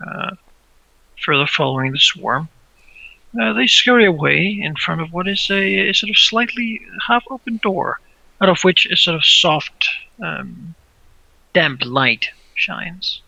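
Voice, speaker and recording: A man's voice: high voice, expressive, unhurried, creaky, sharp tone, no room sound, dull audio. A man narrating a tabletop game as game master, describing scenes hesitantly with many fillers.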